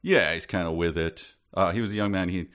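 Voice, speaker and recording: A man's voice: low-pitched, brisk, a bit bright, clean tone. A man co-hosting a podcast, chatting casually with dry humor and frequent laughter. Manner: dry, amused, laughs often. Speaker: podcast co-host. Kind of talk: casual comedic chat.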